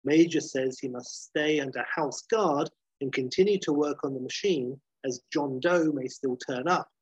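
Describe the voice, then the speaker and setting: A man's voice: a little high, normal speed, slightly rough, dry recording, lo-fi sound. A man casually retelling a TV episode scene by scene, swearing freely and acting out the characters' lines. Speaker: recapping a TV episode.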